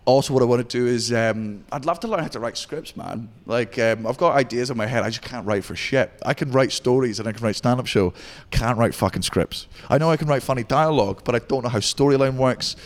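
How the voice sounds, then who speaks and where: A Scottish man in his thirties, a stand-up comedian in interview who talks in a profane, rapid storytelling way. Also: medium pitch, big-room sound. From Scotland. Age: 30s. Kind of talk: candid interview chat.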